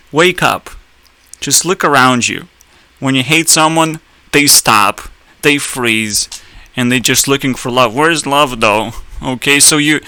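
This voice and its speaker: A man's voice: mid-range voice, pushed and bright, dry recording, rough recording. Blunt, sarcastic young man ranting. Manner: blunt, sarcastic, swears a lot, laughs at own jokes. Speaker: streamer. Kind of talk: profane ranting commentary.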